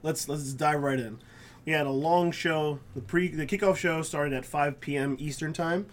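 A man hosting a wrestling podcast, chatty and quick to laugh in casual talk. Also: on the high side. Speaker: podcast host. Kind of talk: casual chat.

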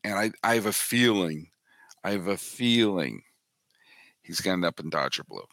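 A man guesting on a sports podcast, talking in an animated way and often repeating words as he builds his points. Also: low-pitched, moderate pace, gravelly, no echo, studio quality. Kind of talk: casual sports podcast chat.

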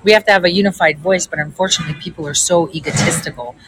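Over a noisy background, a middle-aged woman with a lowish voice races through casual talk to her livestream viewers from an outdoor airport smoking area. She rambles, swears liberally and leans heavily on fillers.

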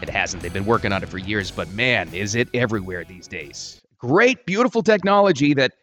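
A man hosting a podcast, talking casually and emphatically, often dropping low for weight. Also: big pitch swings, a little fast, fairly bright tone, soft background music. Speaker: podcast host.

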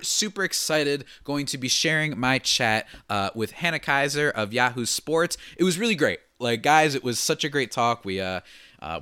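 Bright, crisp young man hosting a podcast. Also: medium pitch, no room sound, clean studio sound. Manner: energetic, rambling, with many fillers. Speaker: podcast host. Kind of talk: casual podcast chat.

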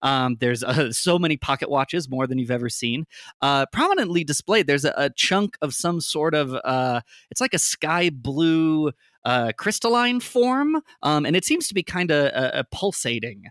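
A man's voice: a little high, animated, moderate pace, a bit bright, dry recording, clean studio sound. A man running a tabletop game as game master, describing scenes in a rambling way full of ums and uhs. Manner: rambling, filler-heavy descriptions.

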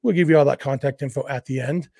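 A man's voice: mid-range voice, fast, gravelly, dark tone, husky, no room sound, clean studio sound. A man in his forties hosting a sports podcast, talking in a chatty, conversational way with plenty of "uh" fillers. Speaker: podcast host. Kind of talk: casual podcast talk and read ads.

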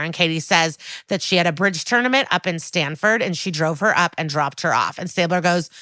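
Chatty woman podcast host, low voice. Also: bright, forceful tone, no echo. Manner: chatty, quotes characters in quick voices, laughs often. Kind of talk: casual episode recap.

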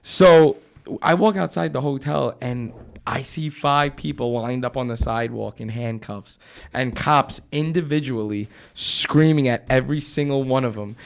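A man's voice: medium pitch, moderate pace, gravelly. A man hosting a podcast, telling stories in casual chat, acting out quotes and laughing often. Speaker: podcast host.

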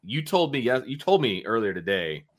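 A man hosting a casual sports talk podcast, energetic and chatty, telling stories with animation. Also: medium pitch, moderate pace. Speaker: podcast host.

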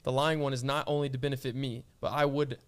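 A young man guesting on a podcast, rambling through animated stories in casual chat. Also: medium pitch, quick pace, clean tone.

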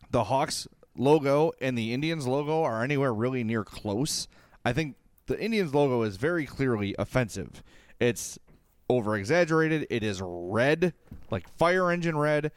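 Emphatic man, smooth dry voice. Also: a little high, dry recording. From Illinois, USA. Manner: emphatic, repetitive, lectures the listener directly. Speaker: sports podcast co-host. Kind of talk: opinionated sports talk.

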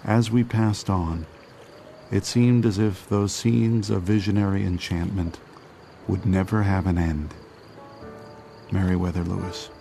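A man giving a solemn, measured reading of a historical quote. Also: fairly low pitch, steady tone, gravelly, dark tone, soft background music.

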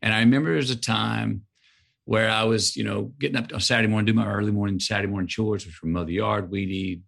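Gravelly, husky-voiced man telling stories. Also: on the low side, quick pace. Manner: animated storyteller who acts out his parents' sayings. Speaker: podcast guest, author. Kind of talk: casual interview storytelling.

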